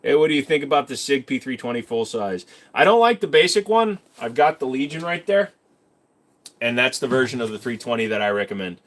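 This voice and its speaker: A man's voice: mid-range voice, expressive, brisk, fairly bright tone. A man hosts a casual livestream and answers viewer questions one after another. His delivery is loose, jokey and self-mocking, sliding into careful detail whenever he explains his subject. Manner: knowledgeable about handguns, explains in detail.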